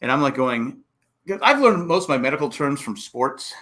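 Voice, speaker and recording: Animated man talking football. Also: medium pitch, moderate pace. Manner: animated, acts out coaches and fans with exclamations. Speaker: podcast host. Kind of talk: casual sports talk.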